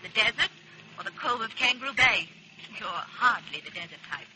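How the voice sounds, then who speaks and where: A woman's voice: on the high side, expressive, moderate pace, pushed and bright, low-quality recording. An actress in a 1940s radio drama playing a scornful, worldly woman with a haughty, dismissive manner, on a hissy old recording. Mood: cool, scornful. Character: aloof, scornful young woman of an outback town. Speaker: local woman giving a lift.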